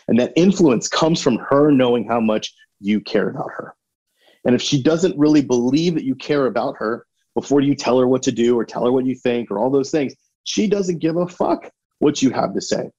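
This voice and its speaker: A man's voice: mid-range voice, darkish tone, breathy edge, muffled recording. A man hosting a motivational podcast, talking directly and emphatically and firing questions at the listener. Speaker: podcast host, marriage coach.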